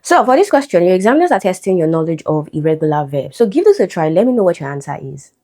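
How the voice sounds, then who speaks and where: Low mellow-voiced woman tutor. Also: sing-song, quick pace. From Nigeria. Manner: explanatory, checks in with frequent "okay?". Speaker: English exam tutor. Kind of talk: teaching a test-prep lesson.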